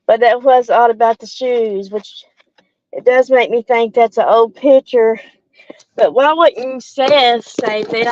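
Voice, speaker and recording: A woman's voice: fairly high pitch, fairly even intonation, slow, a little mellow, dull audio, a little hiss or hum. A woman chatting casually with live viewers from her car, rambling and breaking off with laughs, a little out of breath. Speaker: channel host. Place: in a car while driving. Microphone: headphones with mic.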